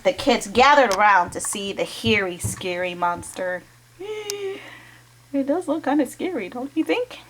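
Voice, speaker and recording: A woman's voice: mid-range voice, expressive, unhurried, fairly bright tone, a little hiss or hum, rough recording. A woman reading a chapter book aloud to children, with chatty asides to her young listeners. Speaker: children's storytime reader.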